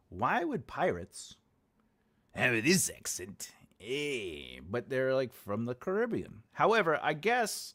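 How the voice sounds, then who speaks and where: A man from the United States hosting his channel as an author, rambling casually and repeating his phrases as he talks to viewers. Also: fairly low pitch. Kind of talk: casual livestream chat.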